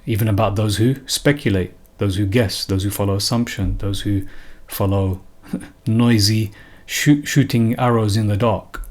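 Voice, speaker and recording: A man giving an unscripted religious talk, earnest and emphatic, often repeating and restarting phrases. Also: fairly low pitch. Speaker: religious commentator.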